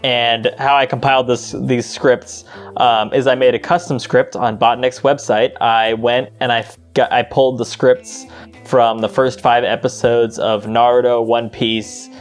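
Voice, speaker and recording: A man co-hosting a podcast in casual chat, relaxed and rambling, laughing often. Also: medium pitch, measured pace, faint music behind. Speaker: podcast co-host.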